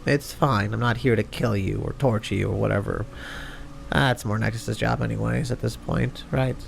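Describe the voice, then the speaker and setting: A man voicing a calm, taunting male animatronic villain in a fan animation, speaking coolly and unhurriedly. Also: on the low side, gravelly, a little hiss or hum. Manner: cool, mocking, unhurried.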